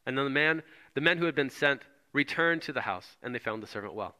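A male pastor preaching a sermon, retelling scripture in casual, animated storytelling. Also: medium pitch, fast talker.

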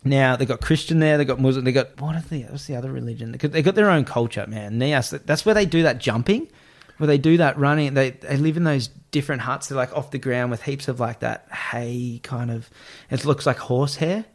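A man telling a travel story in casual chat, animated, acting out the voices of the people in it and swearing freely. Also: medium pitch, a little fast.

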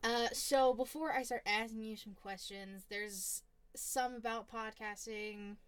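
A woman's voice: on the high side, fairly even intonation, measured pace, clean tone. A woman hosting a casual podcast interview, chatty and encouraging.

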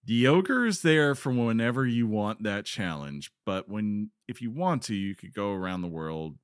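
Male co-host, lowish voice, dry close mic, casual gaming news chat. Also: animated, moderate pace, clean tone, no echo. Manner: joking, reads news items aloud with quotes. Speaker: podcast co-host.

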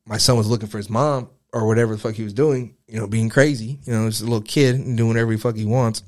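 A man's voice: on the low side, fairly even intonation, quick pace, darkish tone. A young man telling a personal story in a casual podcast chat, rambling and profane, full of filler words. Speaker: guest.

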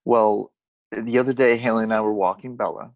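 A man co-hosting a podcast, chatting casually and telling rambling stories with halting restarts. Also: on the low side, fairly even intonation, dry recording, highs cut off. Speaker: podcast co-host. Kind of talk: casual chat.

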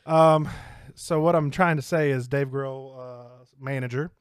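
A man's voice: medium pitch, steady tone, measured pace, smooth, dry recording, studio quality. Rambling, swearing male podcast host. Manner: rambling storyteller, swears freely. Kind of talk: casual chat.

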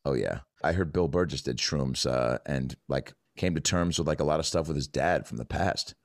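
A man with a very low, deep voice telling loose, rambling stories with a comedian's timing. He swears freely and sounds laid-back. The sound is dry and close. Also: normal speed, dry recording. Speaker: comedian guest. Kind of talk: casual storytelling.

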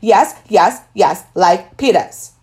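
A woman's voice: medium pitch, takes it slowly, creaky, darkish tone, pitched above the performer's own voice. A woman voicing a stubborn toddler boy in a tantrum, hollering refusals.

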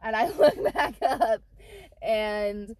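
A woman's voice: fairly high pitch, extremely slow, no room sound. A woman co-hosting a casual podcast, telling a story with lots of swearing and acted-out quotes. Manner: profane, animated storyteller who acts out quotes. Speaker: podcast co-host.

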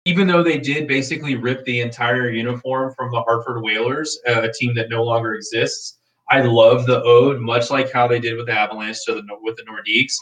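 A man's voice: medium pitch, steady tone, fairly quick, a bit bright. A man in casual sports chat, playful and given to over-the-top mock disbelief. He sounds set back from the microphone, with a roomy echo around his voice. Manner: playful, with exaggerated mock-shocked reactions. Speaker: podcast co-host. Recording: roomy, distant from the mic.

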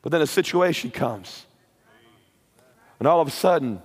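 Man, preacher, fervent sermon, high voice, long reverb. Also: expressive, normal speed, pauses often, husky. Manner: impassioned, builds to shouted high peaks, repeats words. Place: church or camp meeting hall.

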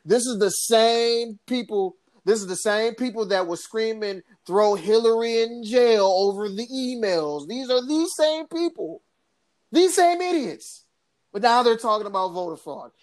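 Sarcastic, animated woman podcaster. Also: on the high side, a little slow. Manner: animated, sarcastic, laughs often, mocking impressions. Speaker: podcast co-host. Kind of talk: casual political commentary.

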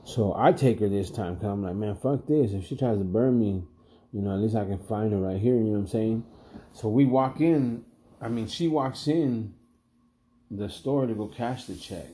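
A man's voice: on the low side, fairly quick, dark tone. A middle-aged man telling stories in a casual, profane, slangy way, laughing as he goes. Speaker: storyteller. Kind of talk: casual storytelling.

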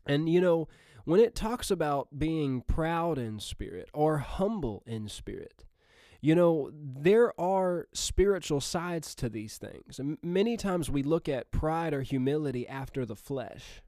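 A man's voice: fairly high pitch, animated, unhurried, warm tone, no room sound, clean studio sound. A man with a Southern Missouri accent, hosting a podcast and preaching in a casual, earnest way full of fillers and restarts.

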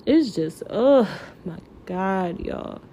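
Impassioned woman podcaster, dark mellow voice. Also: medium pitch, expressive, very slow, a little hiss or hum. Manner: impassioned, pleading, profane, with frequent filler words. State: near tears. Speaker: podcast host. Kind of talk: emotional podcast monologue.

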